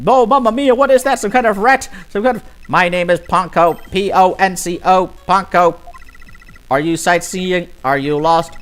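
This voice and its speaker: A man's voice: high voice, steady tone, unhurried, a bit bright, clean tone, voice pushed up. A man voicing a peppy, eager little female guide robot in a chirpy, sing-song way while reading a game's dialogue aloud. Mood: cheery. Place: home streaming setup.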